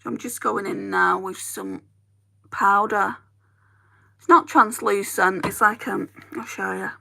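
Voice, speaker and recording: Northern English beauty vlogger, chatty and rambling, crisp tone with a gravelly edge. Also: female voice, mid-range voice, expressive, unhurried, bright, forceful tone. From northern England. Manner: chatty, rambling, talks to viewers. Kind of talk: casual chat while doing makeup.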